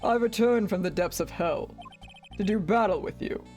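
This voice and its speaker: A woman voicing an arrogant masked male prosecutor in a deep, slow, theatrical voice. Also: a little mellow, faint music behind, lightly acted. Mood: smug.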